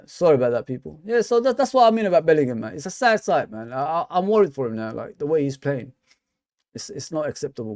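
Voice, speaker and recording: A man's voice: mid-range voice, vocal fry, no echo, clean studio sound. A young man hosting a football fan stream, rambling and repeating himself in loose slangy chat. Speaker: fan channel host. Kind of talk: casual live stream chat.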